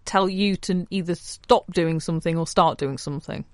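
A woman from the north of England with a Northern accent, a radio co-host trading sharp deadpan comebacks. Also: lowish voice, moderate pace, dry recording, clean studio sound. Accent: Northern English. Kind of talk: casual studio banter.

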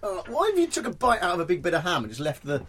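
Man, radio co-host, high lively voice, jokey teaser. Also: rapid-fire, a little hiss or hum. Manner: teasing, jokey, impatient. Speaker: radio presenter. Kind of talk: casual studio banter.

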